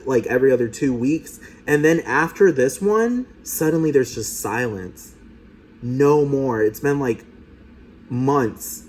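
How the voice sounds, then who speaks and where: A man's voice: medium pitch, darkish tone, breathy edge. A man giving profane, mocking commentary over video clips.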